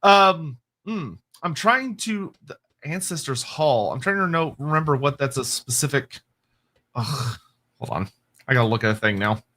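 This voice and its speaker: A man's voice: fairly high pitch, lively intonation, normal speed, sharp tone. A man co-hosting a casual livestream, answering chat questions at length with frequent restarts and laughs. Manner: rambling, restarts, laughs often.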